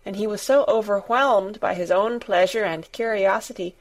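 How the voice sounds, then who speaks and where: A woman narrating a storybook in a measured, gentle storytelling manner. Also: mid-range voice.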